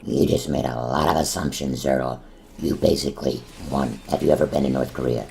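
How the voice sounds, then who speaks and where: Man doing a deep gruff hothead, gravelly fry, blustering, snappish, comedic banter. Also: fairly even intonation, brisk, warm tone. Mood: irritated. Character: hot-tempered gruff man, easily riled.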